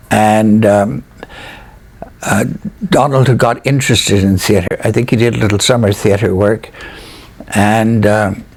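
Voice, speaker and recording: An older Canadian man in an interview, reminiscing with frequent fillers and restarts. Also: fairly low pitch. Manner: hesitant, many fillers, animated recollection. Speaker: interviewee, retired theatre critic.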